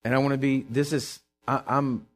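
A man's voice: mid-range voice, little pitch movement, moderate pace, faint music behind. A middle-aged man preaching a sermon as pastor, folksy, earnest and emphatic, telling stories to his church.

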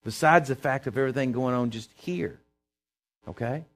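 A man's voice: medium pitch, normal speed, a bit bright, soft background music. A middle-aged man preaching a sermon as pastor, folksy, earnest and emphatic, telling stories to his church.

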